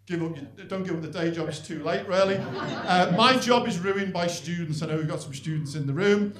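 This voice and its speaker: Middle-aged Northern English comic, roomy club. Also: male voice, sits high, brisk, a crowd in the background. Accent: Northern English, St Helens. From North West England. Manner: dry, self-deprecating, rambling delivery with frequent "really" tags. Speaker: stand-up comedian. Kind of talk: live stand-up routine. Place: comedy club stage. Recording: echoey club with audience. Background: audience laughter.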